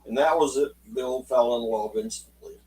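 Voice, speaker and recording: A man telling a true story aloud in an unhurried, folksy way, voicing the people in it as he goes. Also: medium pitch, mellow, recorded from a distance, slight background noise, poor audio. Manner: unhurried, folksy, acts out quotes in dialogue. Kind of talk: spoken oral storytelling.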